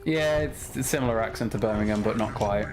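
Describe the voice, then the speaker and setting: Over background music, a man with a lowish voice talks fairly quickly to his viewers during a casual gaming stream. He's chatty, swears freely, and gets frustrated with the game and its controls.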